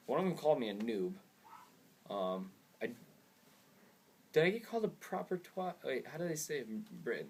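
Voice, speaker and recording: A man's voice: fairly low pitch, animated, moderate pace, a little hiss or hum. A young man hosting a casual gaming vlog, rambling and easily distracted, often laughing at himself. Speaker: gaming video host.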